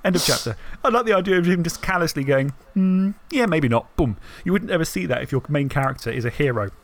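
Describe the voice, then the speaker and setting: A man's voice: fairly high pitch, expressive, racing, a bit bright. A man co-hosting a podcast, chatting eagerly about a fantasy novel, reading lines aloud and often restarting his sentences. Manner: enthusiastic, reads passages aloud, restarts often. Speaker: podcast co-host. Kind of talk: casual book discussion.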